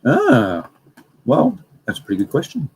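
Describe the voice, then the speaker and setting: A man's voice: mid-range voice, huge pitch swings, unhurried, a little mellow, a little hiss or hum, poor audio. A young man hosting a casual livestream, rambling and reading out viewer comments. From Australia. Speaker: livestream host.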